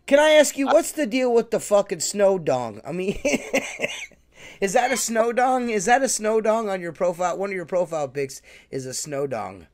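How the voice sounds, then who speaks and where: A man's voice: high-pitched, lively intonation, moderate pace. A man co-hosting a casual podcast, teasing his friend with profane banter and frequent laughs. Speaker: podcast co-host.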